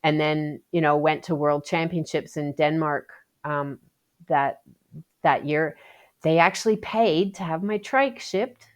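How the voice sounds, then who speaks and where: At a measured pace and low pitch, a woman from Canada recounts her life as a Paralympic athlete in a casual podcast interview. She's an animated narrator who performs quotes and often restarts.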